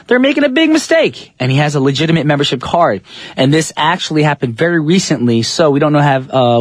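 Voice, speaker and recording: A man's voice: a little high, no echo. A man hosting a music radio show from a studio, chatty and upbeat, talking straight to listeners. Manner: chatty, upbeat, addresses listeners as you guys and y'all. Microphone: studio microphone.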